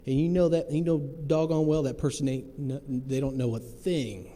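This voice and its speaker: Man in his thirties, plain-spoken testimony, mellow dark voice, long hall echo. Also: medium pitch, steady tone, normal speed. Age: 30s. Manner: plain-spoken, earnest storytelling with folksy phrasing. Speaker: testimony speaker. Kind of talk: personal testimony to a recovery group. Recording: long hall reverb, faint noise.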